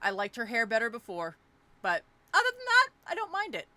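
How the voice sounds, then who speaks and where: A woman's voice: on the high side, huge pitch swings, fairly quick, dry recording. A woman streamer giving casual, chatty commentary on a game, reacting with amusement. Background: loud game music.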